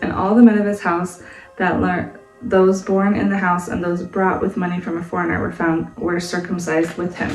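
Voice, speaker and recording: A woman's voice: fairly low pitch, a little mellow. Brief: woman, Bible study host, reads passages then muses aloud, conversational, set back from the mic with faint music under her. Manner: thinking aloud, conversational, often asks "right?". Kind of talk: reading scripture and casual commentary. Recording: roomy echo, distant from the mic, faint music behind.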